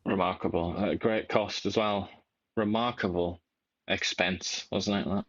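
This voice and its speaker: A man's voice: deep voice, steady tone, measured pace, fairly bright tone, lo-fi sound. A man co-hosting a talk show, chatting with wry, ironic asides. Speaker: co-host. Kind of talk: casual political chat.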